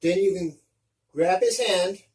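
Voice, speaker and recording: A man's voice: high voice, slow, a little mellow, distant mic, low-quality recording. A man giving casual step-by-step practical tips, often restarting his sentences as he explains. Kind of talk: casual instructional talk.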